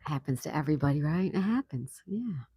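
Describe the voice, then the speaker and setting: A man's voice: on the high side, animated, fairly quick, dark tone, breathy edge, no room sound. A man hosting a casual livestream, reading viewer comments aloud and reacting with easy laughs. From United States. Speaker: livestream host reading chat. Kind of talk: casual live chat.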